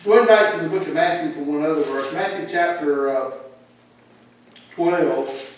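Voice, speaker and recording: A high-voiced man delivering a lively church sermon, acting out the people he quotes. He is heard from a distance, with heavy echo from the large hall. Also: unhurried. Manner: animated, acts out quoted speech. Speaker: preacher. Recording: echoey hall from far off.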